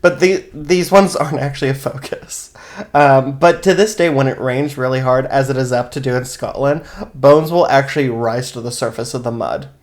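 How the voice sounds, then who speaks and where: A man's voice: mid-range voice, steady tone, moderate pace. Chatty man telling a spooky history. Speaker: podcast co-host and storyteller. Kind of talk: casual chat and read narration.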